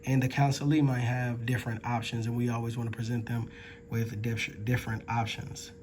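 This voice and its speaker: An earnest man talks through a chapter review in a level, even voice and keeps to one tone. He is a ministry student who speaks informally and reflectively, with fillers and restarts. A faint hiss sits under the recording. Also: mid-range voice, a little fast.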